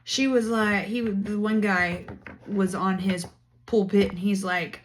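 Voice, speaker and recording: A woman's voice: fairly low pitch, fairly even intonation, moderate pace, slight background noise. A woman talking straight to camera in a casual monologue, indignant and emphatic as she builds her case. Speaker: vlogger.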